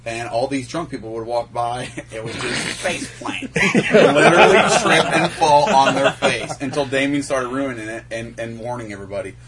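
A man's voice: medium pitch, moderate pace, recorded from a distance. A man co-hosting a casual chat who tells stories from a night out, laughing as he goes. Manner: animated, laughing while telling stories. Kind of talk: casual storytelling among friends. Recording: crowd noise behind.

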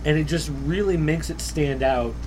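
A man with a slightly high voice chats about comic art, dropping wry jokes along the way. Faint background noise runs under his voice. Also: darkish tone, low-quality recording. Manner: joking, quick with wry remarks. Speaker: comic book podcast co-host. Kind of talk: casual chat.

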